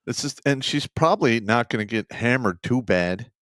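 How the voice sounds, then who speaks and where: A man's voice: lively intonation, normal speed, fairly bright tone, dry recording, studio quality. A man in his fifties hosting a casual talk show, wry and sardonic, sometimes dropping to a sigh or mutter. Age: 50s. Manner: wry, sardonic, drops to low sighs and mutters. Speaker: podcast host.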